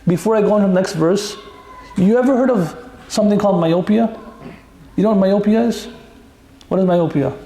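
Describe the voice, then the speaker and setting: A man's voice: high-pitched, brisk, long pauses, mellow. A male Islamic teacher giving a conversational Quran lesson full of stories and jokes for the audience. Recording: echoey room.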